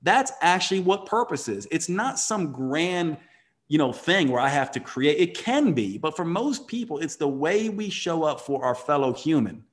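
A man's voice: on the high side, sing-song, moderate pace. A man telling a motivational story in conversation, earnest and emphatic, often restarting his sentences.

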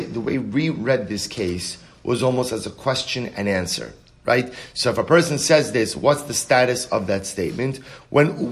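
A man's voice: mid-range voice, a bit bright. A man teaching a Talmud class, reading the Aramaic text aloud and then explaining it in English with rhetorical questions.

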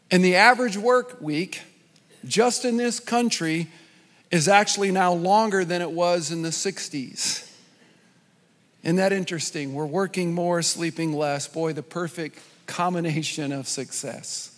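A pastor with a high-pitched voice preaches to his church, shifting between a chatty, lively joke and pointed questions. His voice carries a long reverb, the echo of a large church hall. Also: unhurried. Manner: conversational, lively storytelling. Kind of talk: sermon with a told joke.

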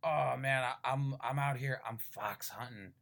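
A man voicing a drunk, menacing vagrant who pulls a knife, slurring and rising into angry shouts. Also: mid-range voice, a little slow, gravelly. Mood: drunk, rambling.

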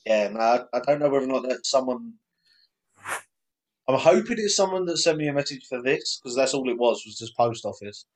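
A man's voice: mid-range voice, lively intonation, brisk, rough recording. A young man hosting a casual podcast, rambling and self-deprecating as he circles back on his own words. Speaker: podcast host.

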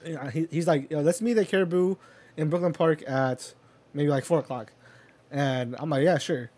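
A man's voice: a little high, normal speed, a little mellow. Rambling young man telling a story. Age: young adult. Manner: rambling, filler-heavy, swears, chuckles while telling stories. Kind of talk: casual storytelling chat.

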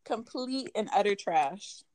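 Sassy woman with quick retorts. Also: mid-range voice, expressive, very noisy. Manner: sassy, reads comments aloud, quick retorts. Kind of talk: casual chat.

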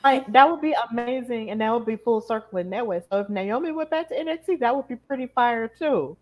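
A woman's voice: a little high, fairly quick. Chatty woman recapping wrestling. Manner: chatty, animated retelling with acted-out quotes. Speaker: podcast co-host. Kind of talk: casual wrestling recap chat.

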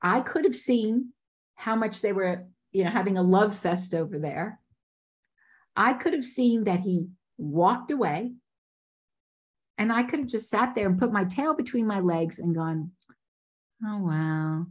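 A woman casting director telling stories in a podcast interview, lively and acting out the voices of people she quotes. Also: medium pitch, a little slow. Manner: animated, acts out quoted voices.

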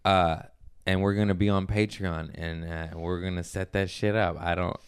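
A man hosting a casual podcast, swearing freely and ranting in mock-angry bursts. His voice is on the low side, smooth and resonant. It is recorded close and dry, with no room sound. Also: moderate pace, no room sound. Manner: profane, animated rants with mock-angry quoted voices. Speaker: podcast host.

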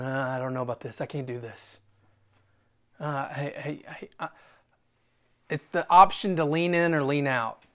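Animated man preaching a sermon. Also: on the high side. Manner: animated, acts out dialogue with God and Moses; self-deprecating asides. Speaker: pastor.

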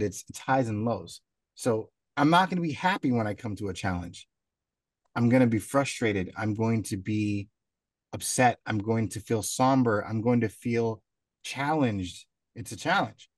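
A man's voice: medium pitch, no room sound. A man talking reflectively in a casual podcast chat, building his point step by step. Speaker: podcast host.

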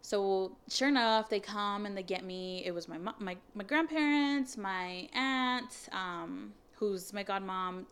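A woman's voice: mid-range voice, slow, hardly any pauses, clean tone. A young woman casually telling a personal story, candid, swearing freely and filling her talk with "like" and "um". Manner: candid, swears, many fillers, animated retelling of dialogue.

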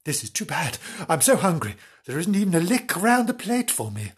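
A man's voice: fairly high pitch, very animated, moderate pace, slightly rough, exaggerated voice. A man voicing a hungry, mournful male dog while reading a storybook aloud. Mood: plaintive. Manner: plaintive, whining.

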